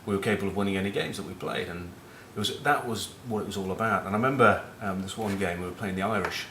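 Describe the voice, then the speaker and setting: Rambling through casual rugby anecdotes, this middle-aged northern English ex-captain with a Northern English accent is cheeky and sweary. He's a fast talker with a fairly low pitch and fairly bright tone. The sound is roomy, with a little hiss or hum.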